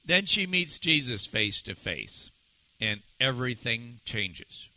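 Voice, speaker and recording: A male pastor delivering a sermon in a very bright, forward voice that rings clearly. He talks slowly and keeps putting questions to the congregation, easing into a hushed, drawn-out delivery on the words that matter most. The sound is close and dry. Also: mid-range voice, dry recording, poor audio. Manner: asks the audience many rhetorical questions.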